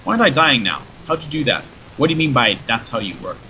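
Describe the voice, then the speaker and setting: A parched, stranded man who croaks out one confused question after another, voiced by a man reading a story. The voice is bright. The sound is dull and lo-fi, with a faint hiss underneath. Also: medium pitch, expressive, quick pace. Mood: bewildered.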